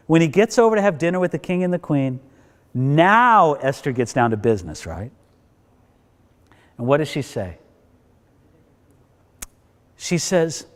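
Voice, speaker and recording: A man teaching a Bible college lecture, telling the story in a lively way and acting out the characters. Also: a little high, unhurried, long pauses. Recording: long hall reverb.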